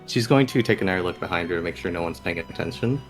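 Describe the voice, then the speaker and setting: A man's voice: low voice, lively intonation, fast. A man casually describing his character's actions as a player in a tabletop game, over faint music.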